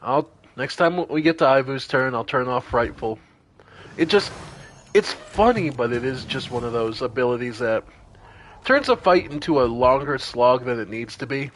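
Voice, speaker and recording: A man's voice: medium pitch, animated, moderate pace. A man streaming a role-playing game, thinking aloud with casual commentary and some swearing.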